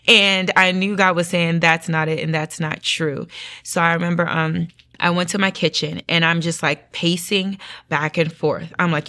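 A woman's voice: fairly low pitch, steady tone, moderate pace, bright, forceful tone. A young woman giving a personal testimony in an interview, telling her story with animation and acting out what she said back then. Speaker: guest sharing testimony.

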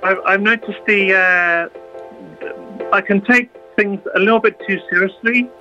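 A woman's voice: mid-range voice, measured pace, sharp tone. A woman, a busking musician, speaking hesitantly with many fillers in a radio interview. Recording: dull lo-fi sound with faint music.

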